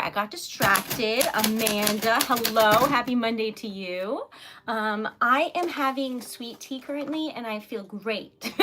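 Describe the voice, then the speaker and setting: A woman's voice: a little high, fairly bright tone, a little hiss or hum. A young woman with a Rhode Island accent, chatting casually on a livestream with viewers, giggly and easily sidetracked. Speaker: livestreaming poet and craft seller.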